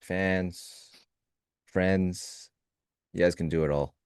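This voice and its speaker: Deep-voiced man chatting casually on a live stream. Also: steady tone, very slow, clear, resonant tone, dry recording, studio quality. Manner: loose, joking, talks through ideas in fragments. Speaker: co-host of a live trading stream.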